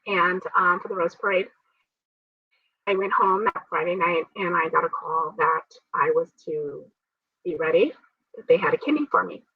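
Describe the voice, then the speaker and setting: Husky-voiced woman telling her story. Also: lowish voice, normal speed, dry recording. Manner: earnest, faith-filled retelling, often laughing. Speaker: transplant survivor guest. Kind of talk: personal storytelling interview. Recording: dull, dry sound from a distant mic.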